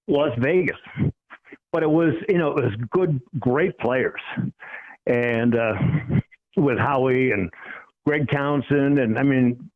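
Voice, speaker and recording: A man's voice: mid-range voice, narrow, tinny audio. A middle-aged man from Cleveland, a former pro football player, telling stories as a guest in a casual chat and laughing often at himself. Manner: storytelling, self-deprecating, laughs often.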